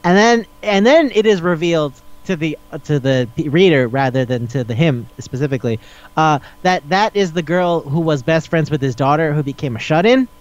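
Man, podcast co-host, casual chat, smooth clear voice, slightly raised pitch, muffled lo-fi sound. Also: moderate pace. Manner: animated recapping, acting out quotes, swears freely.

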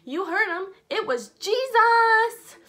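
A woman voicing a poor paralyzed beggar man in a children's Bible story, in a high, whiny pleading voice. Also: lively intonation, normal speed, fairly bright tone, exaggerated voice. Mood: proud.

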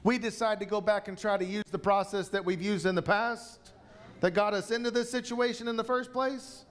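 A man, a pastor, preaching a sermon to a church congregation in an emphatic way, slowing down to repeat key lines. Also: sits high, fairly even intonation.

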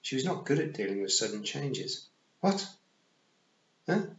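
A man reading a novel aloud in an expressive, lively storybook narration. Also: fairly low pitch, fairly quick. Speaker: audiobook reader. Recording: roomy, dull home recording.

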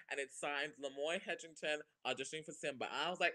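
Young Caribbean-born man, bright voice, expressive guest chat with sudden high-pitched bursts. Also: fast, few pauses. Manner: expressive, playful, jumps into high exclamations. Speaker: guest performer. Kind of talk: animated casual talk.

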